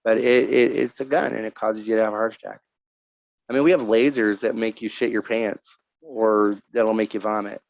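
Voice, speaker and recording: A man's voice: fairly low pitch, fairly even intonation, normal speed, vocal fry, no echo, dull audio. A man co-hosting a casual podcast chat, joking and laughing often. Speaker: podcast co-host.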